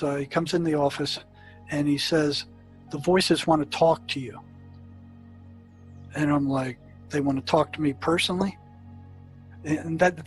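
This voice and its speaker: An older man tells stories from his years as a psychiatrist, his voice a touch higher than most men's. He talks in loose runs full of fillers and restarts. Faint music plays quietly under the recording. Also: poor audio. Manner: anecdotal, many fillers and restarts. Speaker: psychiatrist telling his experiences. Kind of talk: storytelling in an interview.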